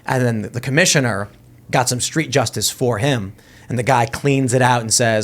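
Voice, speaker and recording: A man's voice: medium pitch, normal speed, fairly bright tone. Man rambling through a story. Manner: rambling retelling with restarts. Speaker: podcast host. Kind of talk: casual panel chat.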